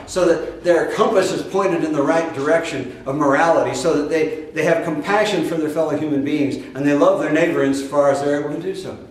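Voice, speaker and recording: A man from Iowa gives a spiritual talk in an emphatic, folksy way, with mocking asides. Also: a little high. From Iowa, USA. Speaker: spiritual teacher. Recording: very echoey room, heard from a distance.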